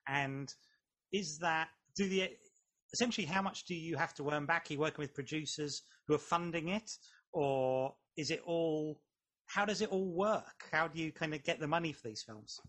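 A man's voice: on the high side, moderate pace, a bit bright. A man interviewing a guest, thinking aloud and restarting his questions as he searches for words.

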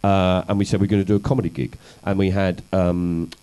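Male guest, low warm voice, wry anecdotal storyteller. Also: flat delivery, fairly quick, clean tone, poor audio. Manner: anecdotal, wry, self-deprecating. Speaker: comedian and activist guest. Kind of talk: conversational storytelling interview.

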